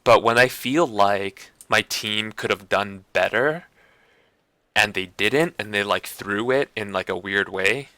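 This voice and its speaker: A man's voice: on the low side, measured pace, pushed and bright, no echo. A man streaming and chatting casually, rambling along and restarting his sentences with lots of fillers. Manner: heavy use of like and you know. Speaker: gaming streamer. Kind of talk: casual chat.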